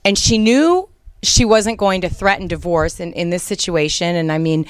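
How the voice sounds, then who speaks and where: A woman's voice: lowish voice, moderate pace, smooth, no room sound. A middle-aged woman giving an earnest, conversational Christian teaching talk. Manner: earnest, conversational, many fillers. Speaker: Christian speaker.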